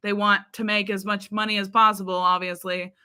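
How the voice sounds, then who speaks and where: A woman's voice: medium pitch, little pitch movement, a little fast, pushed and bright, smooth. A young woman and YouTube reaction creator chatting casually with viewers in a live chat. She rambles, uses many fillers and laughs often.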